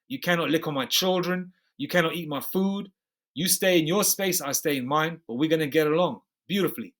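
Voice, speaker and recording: A man preaching over scripture with a somewhat high voice. He reads verses slowly, then drops into emphatic, slang-laced commentary and keeps checking in with "okay?" as he hammers his points home. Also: fairly bright tone. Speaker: bible teacher. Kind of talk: scripture study sermon.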